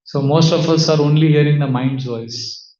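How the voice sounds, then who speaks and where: A man teaching as a spiritual speaker, giving a devotional talk with audience questions in a measured way, asking rhetorical questions and answering them himself. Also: a little high, a little mellow. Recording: roomy, slightly dull sound.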